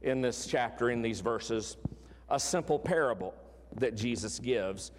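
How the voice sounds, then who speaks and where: A man preaching a sermon, emphatic, repeating words and dropping from loud declarations to hushed lines. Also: medium pitch, measured pace, big-room sound, a little hiss or hum. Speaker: pastor.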